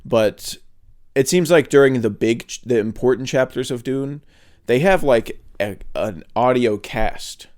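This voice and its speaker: A man's voice: medium pitch, measured pace, darkish tone. A man co-hosting a podcast, talking in a casual, rambling way with lots of fillers and restarts. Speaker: podcast co-host. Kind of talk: casual chat.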